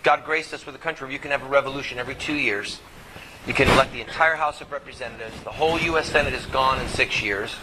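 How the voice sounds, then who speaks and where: A man's voice: mid-range voice, fast talker, background noise. A man giving an impassioned speech to a live audience, preaching and firing rhetorical questions at the crowd. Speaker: activist speaker.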